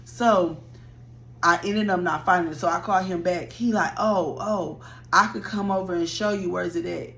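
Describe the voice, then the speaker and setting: Young woman, blunt and animated, talks straight to her viewers, swears freely; light background hum. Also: lowish voice, normal speed. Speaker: storyteller. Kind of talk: casual story time.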